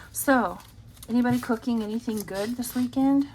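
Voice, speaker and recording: Casting note: unhurried woman budget vlogger, easygoing talk, faint hiss behind her. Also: mid-range voice, steady tone. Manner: slow, rambling, many ums. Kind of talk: casual chat while counting cash. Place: home.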